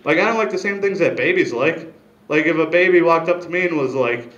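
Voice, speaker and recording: A man doing a stand-up comedy set, rambling with deadpan asides into a handheld mic on a small club stage. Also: a little high, a little fast, reverberant, muffled recording.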